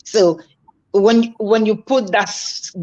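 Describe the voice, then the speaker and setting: A woman's voice: mid-range voice, steady tone, slow pace, a little mellow, highs cut off. A woman being interviewed as a guest, earnest and thoughtful, often repeating words as she thinks aloud. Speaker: interview guest, food entrepreneur.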